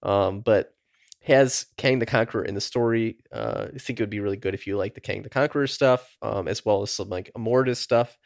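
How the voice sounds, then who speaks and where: A man's voice: lowish voice, brisk, vocal fry, no echo, studio quality. A man co-hosting a nerdy podcast, chatting casually and swearing freely. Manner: laid-back, swears casually. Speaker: podcast co-host. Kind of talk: casual chat.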